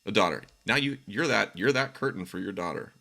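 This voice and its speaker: A man hosting a call-in conversation, talking reflectively and with empathy, with soft laughs now and then. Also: lowish voice, animated, fairly quick, creaky, noisy background.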